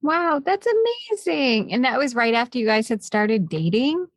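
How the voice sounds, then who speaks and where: A woman hosting a podcast, telling stories in an animated, chatty way with many filler "like"s. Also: high voice, moderate pace, dry recording. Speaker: podcast host. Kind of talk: casual chat.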